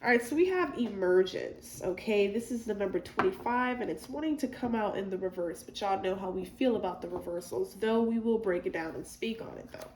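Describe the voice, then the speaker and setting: A woman's voice: medium pitch, a little fast, few pauses, darkish tone. A woman giving a casual tarot reading, chatty and rambling, with many fillers and asides. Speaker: tarot reader. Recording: echoey room with faint noise.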